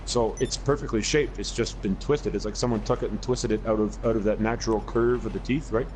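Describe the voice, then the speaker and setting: A middle-aged man chats casually while gaming, rambling through a story and swearing freely. His voice sits low. A faint hiss runs under the recording. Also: fairly even intonation, brisk, a little mellow, rough recording. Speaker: podcast co-host.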